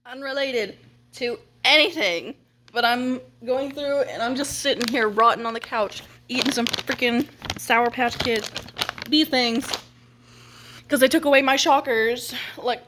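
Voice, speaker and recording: A young woman chatting casually at home, ranting and telling stories in an animated way with lots of mild swearing and laughter. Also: a little high, measured pace, noisy background. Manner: animated, swears and laughs a lot, acts out quotes. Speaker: vlogger. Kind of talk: casual complaining chat. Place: home, on the couch.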